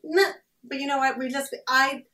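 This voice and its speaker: A woman's voice: high-pitched, steady tone, moderate pace, pushed and bright. A woman store owner chatting candidly and laughing easily. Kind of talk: casual chat. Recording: roomy and distant.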